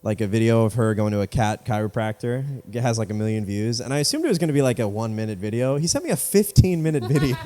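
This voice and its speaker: A man's voice: mid-range voice, animated, fast talker, few pauses, mellow. A young man co-hosting a casual history podcast, joking and riffing with silly quoted voices. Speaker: podcast co-host. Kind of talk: casual comedic history chat.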